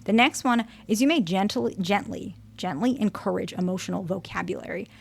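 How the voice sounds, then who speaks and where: A woman's voice: medium pitch, fairly quick, gravelly, breathy edge. A woman therapist talking through relationship advice in an earnest way, using everyday examples and repeating words for emphasis. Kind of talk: advice talk to camera.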